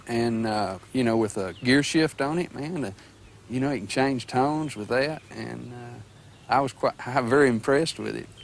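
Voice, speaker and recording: A man, a former bandmate, recalling in a plain-spoken, unhurried manner. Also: mid-range voice, vocal fry, slight background noise. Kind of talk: archival interview recollection.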